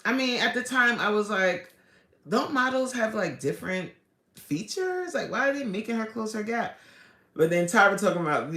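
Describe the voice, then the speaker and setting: Woman coach hosting a chatty livestream, lively high swoops for emphasis, echoey room sound. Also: moderate pace. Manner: animated, chatty, slangy, swings up high for emphasis. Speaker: fitness coach and channel host. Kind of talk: casual livestream chat with viewers.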